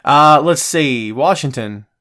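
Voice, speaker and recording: A man's voice: mid-range voice, animated, slow, bright, forceful tone. A man hosting a casual podcast livestream, ranting bluntly and passionately while answering viewer comments. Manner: casual slangy talk with many repeats. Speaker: wrestling podcast host.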